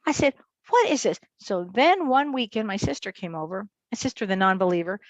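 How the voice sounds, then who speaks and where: A woman working as a medium tells a personal story as an interview guest, fast and vivid, acting out the dialogue. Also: mid-range voice, expressive, no room sound.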